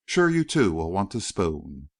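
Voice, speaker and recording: Storybook voice: cool, drawling young Western woman, read by a man, low-pitched, dry sound. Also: very animated, a little slow, no room sound, full character voice. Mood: teasing.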